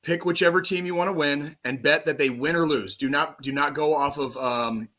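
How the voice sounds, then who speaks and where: A man in his forties, a podcast co-host, talking football in casual chat, profane and animated, on a call mic. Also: fairly high pitch, moderate pace. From United States. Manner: profane, animated sports ranting.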